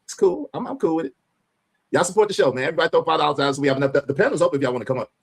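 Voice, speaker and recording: A man hosting a live stream, reacting to a clip with loud, mocking commentary. He laughs often and repeats phrases for emphasis. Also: fairly high pitch, expressive, very fast, creaky, breathy edge. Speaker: livestream host.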